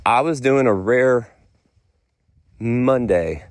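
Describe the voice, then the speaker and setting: A man's voice: medium pitch, extremely slow, background noise. A middle-aged man, rambling through a casual podcast monologue in folksy phrasing. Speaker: podcast host.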